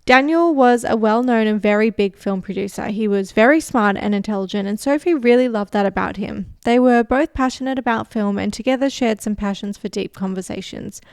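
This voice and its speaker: A woman's voice: medium pitch, fairly quick, hardly any pauses, smooth, no room sound, studio quality. A woman with an Australian accent hosting a casual true-crime podcast, reading out a case with frequent "like" and "um". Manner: relaxed storytelling with frequent "like" and "um". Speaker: podcast host.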